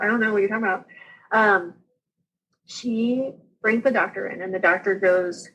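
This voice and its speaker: A woman's voice: medium pitch, normal speed, long pauses, breathy edge, rough recording. A young woman, casually telling her story as a podcast guest and acting out the people she quotes. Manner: animated, acts out quoted voices.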